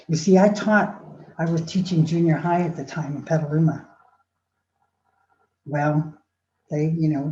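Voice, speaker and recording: An older woman telling a personal story dramatically, acting out voices and swinging between loud and soft. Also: low-pitched. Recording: roomy, dull sound.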